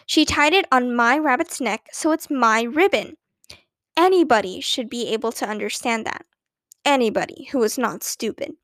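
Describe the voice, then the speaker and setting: A woman's voice: on the high side, moderate pace, a bit bright, dry recording, clean studio sound, natural voice. A woman voicing a stubborn little girl who insists indignantly on what is hers.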